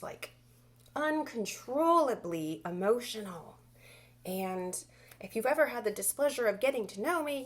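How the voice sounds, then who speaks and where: A young adult woman telling a comic story, swinging between whispers and loud bursts with exaggerated delivery. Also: medium pitch. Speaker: comedian storyteller.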